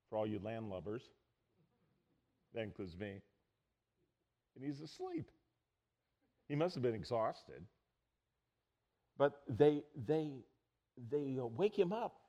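Middle-aged male pastor, lively storytelling preacher, plain mid-range voice. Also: mid-range voice. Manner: storytelling, animated, acts out quotes loudly. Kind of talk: sermon.

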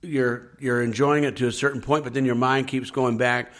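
A man's voice: medium pitch, flat delivery, moderate pace, a bit bright. A man who is a pastor, talking earnestly on a faith podcast, repeating his points and acting out people's complaints. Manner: earnest, repetitive preaching with acted-out complaining quotes.

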